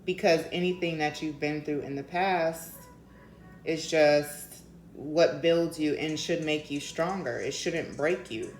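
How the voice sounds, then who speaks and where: Low-voiced swearing tarot reader woman. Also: takes it slowly, darkish tone, roomy sound, soft background music, poor audio. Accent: slight Maryland. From Denver. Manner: chatty, swears freely, lots of fillers. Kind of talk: casual tarot reading.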